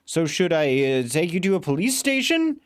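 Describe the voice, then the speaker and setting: A man's voice: high-pitched, big pitch swings, moderate pace, clean tone, dry recording, studio quality, pitched above the performer's own voice. A man voicing a grumpy, stubborn taxi driver in a storybook reading, speaking coldly and impatiently. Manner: scowling, cold, impatient. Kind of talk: storybook read-aloud.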